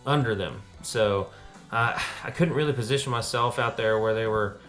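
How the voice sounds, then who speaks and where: A man's voice: mid-range voice, moderate pace, soft background music. A man narrating his kayak fishing trip on a lake in a casual vlog, sometimes out of breath. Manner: excited outbursts when catching fish. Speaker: fishing vlogger.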